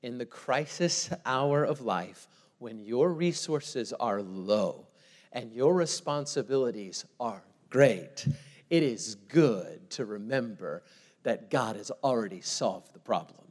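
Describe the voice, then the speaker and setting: A man preaching a sermon. He talks in a conversational way, with frequent "like", and swings between hushed prayerful passages and loud, fast bursts. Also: medium pitch, expressive, long reverb tail. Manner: conversational, uses "like" often. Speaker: pastor.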